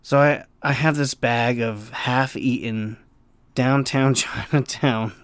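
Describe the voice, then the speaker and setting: A man's voice: mid-range voice, fairly even intonation, slow, clear, resonant tone, no echo. A man who works as a restaurant server, rambling through a casual story and acting out the people in it. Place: near Los Angeles.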